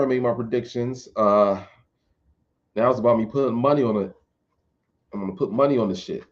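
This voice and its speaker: A man's voice: fairly low pitch, big pitch swings, normal speed. Rambling casual male vlogger, lo-fi. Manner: rambling, profane, informal. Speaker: vlogger and fight commentator. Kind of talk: casual commentary.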